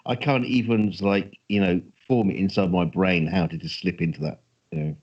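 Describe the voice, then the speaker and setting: A man's voice: sits low, steady tone, moderate pace. Joking male guest on a muffled mic. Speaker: guest, visual effects artist. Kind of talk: casual livestream chat.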